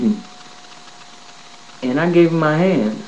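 A man casually telling a personal story to his viewers, animated and profane, acting out the scenes as he goes. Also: on the high side, takes it slowly, pauses often, slight background noise, low-quality recording. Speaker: vlogger telling a prison story.

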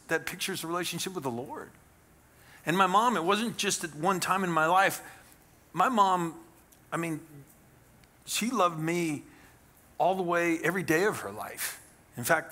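Middle aged guy preaching, from kansas, bright voice, chatty and folksy with dry jokes. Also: medium pitch. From Kansas, USA. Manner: conversational and folksy, with wry jokes. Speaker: pastor. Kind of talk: sermon. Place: church sanctuary.

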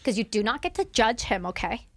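Animated young woman telling a wild story. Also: fairly high pitch. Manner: animated, swears freely, fast bursts. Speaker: guest. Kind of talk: candid storytelling.

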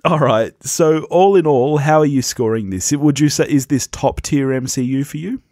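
A man co-hosting a podcast, giving blunt, animated opinions on a film and laughing easily. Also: on the high side, moderate pace, no room sound, clean studio sound. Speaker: podcast co-host. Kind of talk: casual film review chat.

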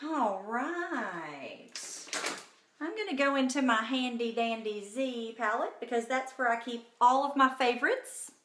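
A chatty woman hosts a laid-back live makeup session at home, greeting her viewers by name with bubbly energy and lively intonation. Her voice is a little high and fairly bright, and her pace is a touch slow. The phone recording has room echo and a little hiss or hum.

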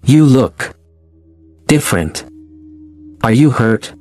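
Man doing worried village man, cautious, mid-pitched, faint music behind. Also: expressive, slow, a little mellow. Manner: anxious, urgent questions.

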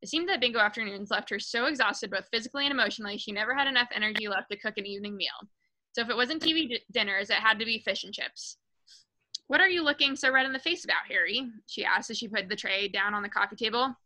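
A woman's voice: medium pitch, quick pace, bright, forceful tone, rough recording. A woman reading a children's novel aloud to a book club, casual and unpolished, stumbling and correcting herself now and then, lifting her voice for the characters' lines. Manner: raises her voice for quoted lines.

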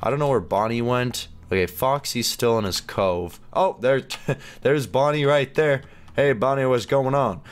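A man hosting a gaming channel, chatting and reacting excitedly as he plays through a game. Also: mid-range voice, a little slow, smooth. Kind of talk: let's play commentary.

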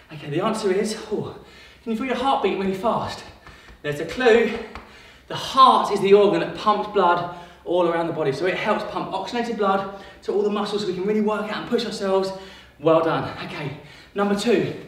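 A man's voice: high voice, pushed and bright, a little hiss or hum. A man coaching a kids' workout, upbeat and encouraging, calling out countdowns and cues between quiz questions. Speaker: fitness coach. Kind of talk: kids workout instruction with quiz. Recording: very echoey room, mic far off.

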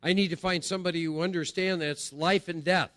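A middle-aged man speaks to a recovery group about spiritual practice in a loose, conversational way, repeating phrases and tossing in "right?". His voice sits slightly high for a man. The sound is close and dry, with almost no room in it. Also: fairly even intonation, fast, a bit bright, no echo.

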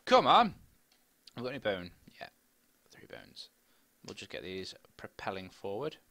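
Chatty man, bright voice. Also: low voice, normal speed, vocal fry. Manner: chatty, rambling, bursts into excited squeals. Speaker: gaming commentator. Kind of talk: casual let's-play commentary. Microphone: desk microphone with face cam.

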